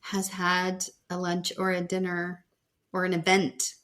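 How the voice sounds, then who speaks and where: A woman's voice: lowish voice, monotone, a little slow, fairly bright tone. A woman co-hosting a casual podcast recap, mostly agreeing and laughing along. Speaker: podcast co-host.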